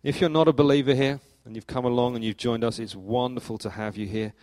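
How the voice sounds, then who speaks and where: A middle-aged man preaching a sermon as church leader, telling stories in a lively way with sudden rises in pitch and loudness. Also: quick pace, no echo. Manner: animated storytelling, acts out anecdotes with jumps in pitch and volume. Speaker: pastor.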